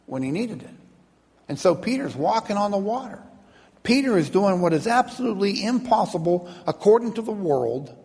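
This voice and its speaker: A man's voice: sits high, a little mellow. A man preaching a sermon as a pastor, telling stories and acting out the voices of the people in them. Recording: long hall reverb.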